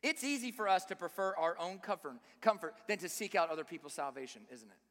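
In a large hall with long reverb, a man delivers a sermon emphatically, frequently throwing rhetorical questions at his listeners. His voice sits high and sounds pushed and bright.

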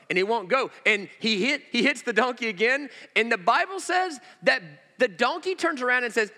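A man preaches a sermon in a somewhat high, bright, forceful voice. He swings from loud, animated exclamations to slow, hushed emphasis, and a long reverb from the large church hall hangs behind every line. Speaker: pastor.

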